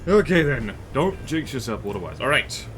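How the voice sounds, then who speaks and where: A man streaming a game live, chatting casually and reading chat, yelping and rambling excitably. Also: mid-range voice, normal speed, a little hiss or hum.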